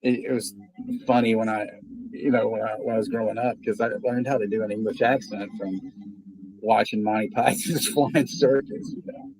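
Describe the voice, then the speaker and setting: A man's voice: fairly low pitch, steady tone, normal speed, darkish tone, breathy edge, rough recording. A man in his fifties with a Texan accent, hosting a casual watch-party stream and rambling through stories with plenty of swearing. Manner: rambling storytelling, heavy swearing. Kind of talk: casual livestream chat.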